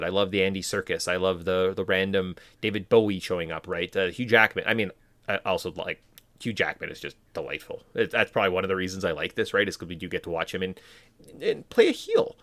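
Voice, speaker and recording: A man's voice: low voice, quick pace, a bit bright, no echo. A man co-hosting a casual podcast, rambling through filler words and mock quotes. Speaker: podcast co-host. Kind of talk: casual chat.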